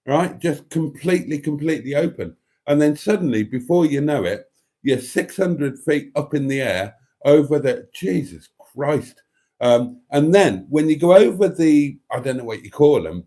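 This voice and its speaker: A middle-aged man hosting a casual live stream, reading out viewer comments and chatting in an animated, dramatic way that includes some swearing. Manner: animated, dramatic, swears freely, lively pitch swings.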